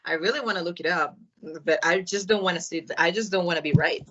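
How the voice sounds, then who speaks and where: A woman's voice: on the low side, fast, lo-fi sound, heavy background noise. A woman co-hosting a podcast in casual chat, dry and teasing. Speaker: podcast co-host.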